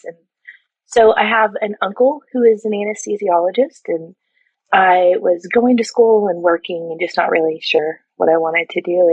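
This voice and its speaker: Husky middle-aged woman telling stories. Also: fairly low pitch, dry recording, dull audio. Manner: lively, laughing, acts out quotes. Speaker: surgical technologist and educator, guest. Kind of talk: animated storytelling in a podcast interview.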